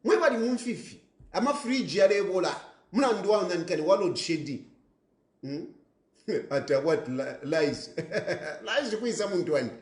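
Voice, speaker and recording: A man's voice: high voice, lively intonation, moderate pace, echoey room. A man with a Zambian accent giving an impassioned political monologue from a rented apartment, repeating his points, switching between languages and breaking into laughter. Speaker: political commentator.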